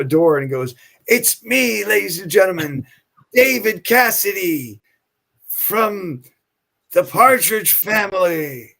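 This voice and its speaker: A middle-aged man, a podcast guest and actor, telling an anecdote in a casual, animated way, acting out other people's lines as he goes. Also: medium pitch. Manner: animated, acts out quoted people, many restarts.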